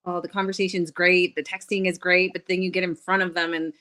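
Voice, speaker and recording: A woman's voice: on the low side, level tone, a little fast, bright, forceful tone, low-quality recording. A woman guest on a podcast, talking casually about dating and filling her speech with "like". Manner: chatty, many fillers like "like". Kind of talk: casual chat.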